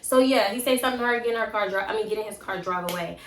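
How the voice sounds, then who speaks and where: A young woman telling a casual storytime vlog in an animated, blunt and profane way. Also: mid-range voice, very fast, a little hiss or hum. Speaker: storytime vlogger. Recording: roomy echo.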